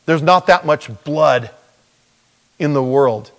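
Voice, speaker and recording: A male pastor preaching a sermon, animated, with rhetorical questions and sudden jumps in pitch. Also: takes it slowly. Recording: long reverb of a large hall.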